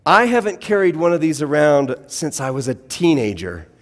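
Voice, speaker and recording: A man's voice: fairly high pitch, sing-song, moderate pace. A man preaching a sermon as pastor, telling a personal story with wry, self-deprecating humor. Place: church sanctuary. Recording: long church-hall reverb.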